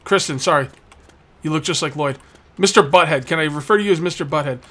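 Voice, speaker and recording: A man with a somewhat high voice talks through a shop game in casual let's play commentary. He keeps up a jokey running chat with the customers on screen. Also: fast talker, sharp tone.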